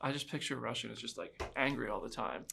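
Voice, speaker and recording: A man hosting a podcast interview, eager and upbeat, quick to pay compliments. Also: medium pitch, gravelly, bright, forceful tone, slightly rough. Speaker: podcast host. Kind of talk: casual interview.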